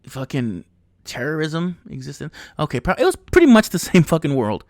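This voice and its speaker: A man in his thirties rambles through a profane, comedic solo podcast. He laughs at his own jokes, and his pitch swings up and down. The sound is dry and close. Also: big pitch swings, normal speed, a little mellow, no echo. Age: 30s. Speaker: podcast host. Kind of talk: casual comedic monologue.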